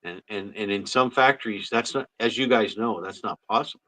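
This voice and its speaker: Man, bright forceful tone, relaxed casual chat. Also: fairly low pitch, fairly quick, low-quality recording.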